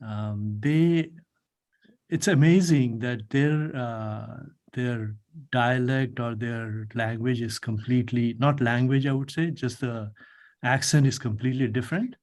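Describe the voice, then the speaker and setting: A man with a mid-range voice taking part in a casual discussion over a video call. He explains things slowly and haltingly, stopping often to fill gaps with "uh" and "you know.". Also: mid-range voice, darkish tone. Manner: halting, many fillers, explanatory. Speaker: media group member.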